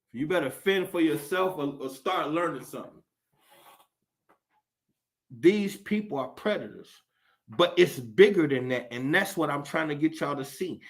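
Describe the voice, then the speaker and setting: Male commentator, high-pitched and bright, profane and impassioned, preaching in rhetorical questions. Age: adult. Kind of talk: impassioned monologue.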